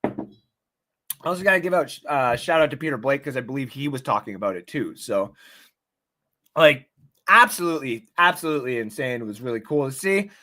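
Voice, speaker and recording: A man hosting a casual live-stream sports talk show, swearing often, rambling excitedly and reading out viewer comments. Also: mid-range voice, fairly quick, pauses often. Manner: reads out and thanks chat viewers.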